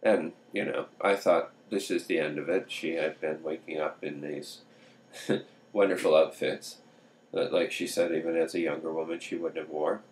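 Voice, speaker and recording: A man's voice: very deep voice, fairly even intonation, normal speed. A man telling a true story aloud, acting out dialogue with chuckling asides.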